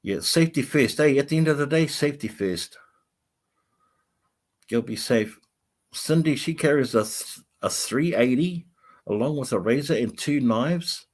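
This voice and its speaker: A man's voice: medium pitch, lively intonation, unhurried. A man hosting a livestream, reading out viewer comments and rambling in a chatty way with frequent laughter. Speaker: vlogger host.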